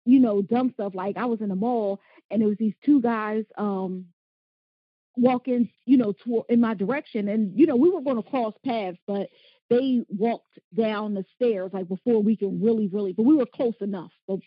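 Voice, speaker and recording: A woman co-hosting a casual podcast chat, telling animated stories, laughing often and acting out what people said. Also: medium pitch, normal speed, no echo, dull audio. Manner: animated storyteller, laughs often, acts out quotes. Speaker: podcast co-host.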